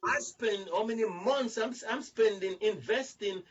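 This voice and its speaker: A man hosting a casual group talk, telling stories in an animated, rambling way, repeating words and acting out other people's lines. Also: high-pitched, measured pace, slightly rough, distant mic, highs cut off. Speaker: show host. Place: online video chat.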